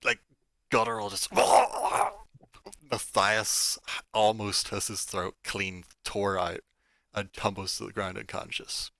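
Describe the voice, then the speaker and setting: A man's voice: fairly low pitch, little pitch movement, a little slow, vocal fry, pushed and bright, dry recording. A man running a tabletop game as game master, narrating the action casually and peppering it with "like". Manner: casual, filler-heavy narration with frequent "like".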